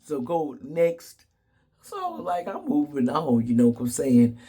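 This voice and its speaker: A man's voice: a little high, wildly swooping pitch, a little slow, warm tone. A man telling comedic stories to the camera in a sassy, blunt way, laughing often. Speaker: vlogger. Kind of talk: casual comedic storytelling.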